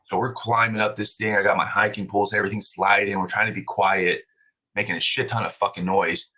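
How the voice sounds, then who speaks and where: Male podcast guest, low bright voice, casual storyteller, profane and animated. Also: a little fast, low-quality recording. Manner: animated, swears freely, many fillers and restarts. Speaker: podcast guest, brewery owner.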